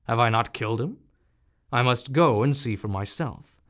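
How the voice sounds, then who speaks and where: A man voicing a mean, greedy peasant who talks in a gruff, threatening way, in a storybook reading. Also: mid-range voice, moderate pace, fairly bright tone, lightly acted. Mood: suspicious.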